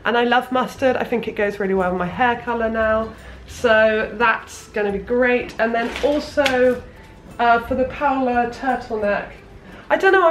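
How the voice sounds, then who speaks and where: Chatty young woman vlogging. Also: a little high. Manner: chatty, rambling, lots of fillers. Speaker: sewing vlogger. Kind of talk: casual chat. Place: parents' house, indoors.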